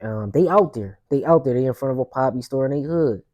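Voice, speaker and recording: A man's voice: mid-range voice, expressive, a little fast, darkish tone. A young adult man, a podcast host, telling a personal story in a loose, rambling way with street slang and lots of fillers. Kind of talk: casual storytelling monologue.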